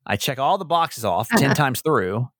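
A man's voice: medium pitch, very animated, measured pace, dry recording, studio quality. A man hosting a podcast in casual chat with his mother, rambling and nervous, with many restarts. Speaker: podcast host.

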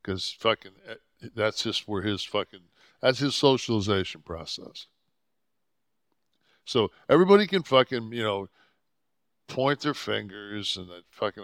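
A man co-hosting a podcast into a studio mic, with a deep voice, rambling and cursing often as he chats casually. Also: unhurried, a bit bright, no echo. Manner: rambling, swears often, restarts a lot. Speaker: podcast co-host. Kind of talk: casual profane chat. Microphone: podcast microphone.

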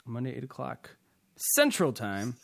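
A man's voice: medium pitch, wildly swooping pitch, measured pace, gravelly. A man hosting a podcast, chatting casually, rambling loosely and chuckling often. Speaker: podcast host. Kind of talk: casual podcast sign-off chat.

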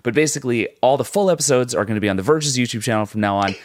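A man co-hosting a podcast with a sore throat, husky and explaining things in a chatty way. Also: mid-range voice, rapid-fire. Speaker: podcast co-host. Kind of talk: casual chat.

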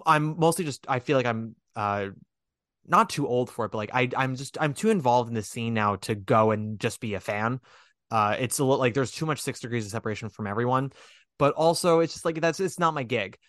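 A man chatting casually as a podcast host, rambling and animated, with a self-deprecating, frank manner. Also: medium pitch, fairly quick, dry recording, studio quality. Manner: swears casually. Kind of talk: casual chat.

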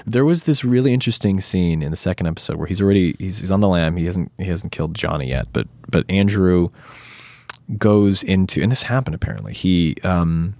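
A man talks as a guest in a relaxed interview. He rambles in an animated way and slips into acting out lines as he tells stories. The sound is dry, with no room around it. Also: low voice, fairly quick, no echo. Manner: animated, rambling, acts out quotes. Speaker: actor guest. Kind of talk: casual interview chat.

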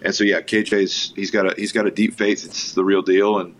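A man with a fairly low voice chats as a guest on a talk show, spinning lively stories about his work. His delivery is casual and enthusiastic. A soft background hiss sits under the voice. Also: brisk. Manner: enthusiastic anecdotal storyteller. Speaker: filmmaker guest. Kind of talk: casual storytelling interview.

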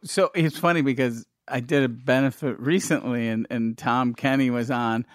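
A man's voice: medium pitch, fairly even intonation, moderate pace, no echo. Casting note: chatty man with a dry close-mic sound, laughs through his stories. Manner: laughs often, rambling with many restarts. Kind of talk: casual storytelling chat.

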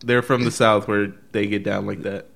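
A man's voice: on the low side, little pitch movement, moderate pace, gravelly, a bit bright, slight background noise. A man co-hosting a casual chat, joking around in slangy talk. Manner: slangy, jokey, says yo and dude.

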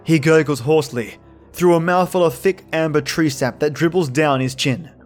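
Man reading a horror story, higher voice. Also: moderate pace, faint music behind. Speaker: narrator. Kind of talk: scripted first-person horror narration.

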